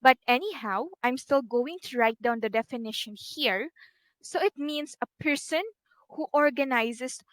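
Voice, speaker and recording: A woman teaching a one-on-one online English lesson, patient and encouraging, repeating words slowly for her student and talking through what she does on screen with small fillers. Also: high voice, no echo.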